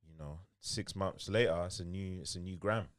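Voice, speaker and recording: A young man, a podcast guest talking in a laid-back, measured way. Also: low voice, a bit bright, dry recording, clean studio sound. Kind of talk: casual chat.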